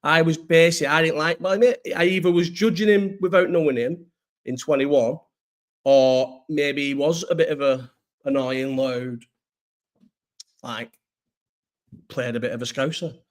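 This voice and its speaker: A man's voice: a little high, moderate pace, long pauses. A young man chatting casually on a livestream, rambling, swearing and answering viewers. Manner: rambling, slangy, swears freely, answers chat. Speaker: streamer reacting to chat.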